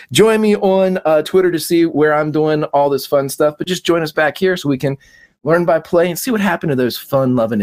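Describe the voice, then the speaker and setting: A man's voice: sits high, darkish tone. A man player talking enthusiastically and fluently over a video call about improv gaming. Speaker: tabletop player. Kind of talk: casual chat.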